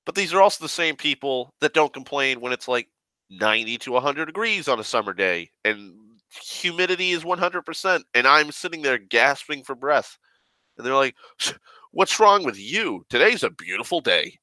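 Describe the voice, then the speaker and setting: A man's voice: mid-range voice, expressive, moderate pace, bright, forceful tone, smooth, no echo. A sick young man who coughs now and then, rambling in a profane, grumbling, sarcastic rant. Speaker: online rambler.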